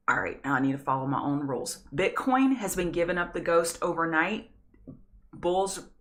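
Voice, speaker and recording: A woman's voice: fairly low pitch, fairly bright tone. A woman hosting a live trading stream, chatty and self-deprecating with scattered asides. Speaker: trading show host. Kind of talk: live market analysis stream.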